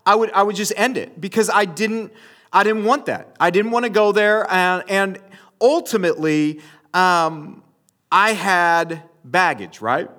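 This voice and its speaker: A man's voice: high voice, unhurried, fairly bright tone. A man giving a sermon, telling a personal story to his audience in a rambling way with many restarts and fillers. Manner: addresses the audience directly.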